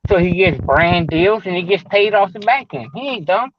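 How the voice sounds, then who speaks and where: A man's voice: high voice, lively intonation, moderate pace. A man co-hosting a podcast in casual chat, blunt, profane and insistent. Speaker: podcast co-host. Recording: muffled lo-fi audio with faint hiss.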